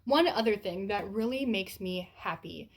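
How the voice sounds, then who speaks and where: A young woman chatting casually on her book vlog, in an animated, self-deprecating way. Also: mid-range voice, normal speed. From United States. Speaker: book vlogger.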